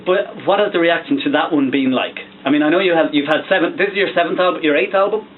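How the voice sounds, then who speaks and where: A man's voice: fairly high pitch, fast talker, phone-quality sound, slight background noise. A man asking questions in a casual interview, chatty and full of short agreements. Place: back office of a record shop.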